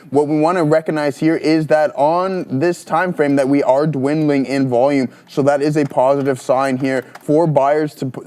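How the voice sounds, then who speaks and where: A man's voice: fairly high pitch, darkish tone. A man co-hosting a live trading stream, explaining chart setups in a friendly way and answering questions from the chat. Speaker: trading co-host.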